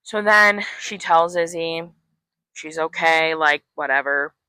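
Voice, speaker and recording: Bright-voiced woman retelling a story. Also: low voice, slow pace, clean tone, no room sound. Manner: animated storyteller, acting out characters' lines, swearing, many "like"s. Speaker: podcast co-host. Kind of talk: casual chat, retelling a book plot.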